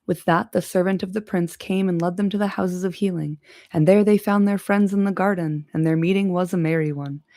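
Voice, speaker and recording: A woman's voice: lowish voice, fairly even intonation, brisk, warm tone, no echo, studio quality. A woman reading a fantasy book aloud, breaking off for irreverent jokes. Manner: irreverent joking asides. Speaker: podcast reader. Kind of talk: casual audiobook reading with asides.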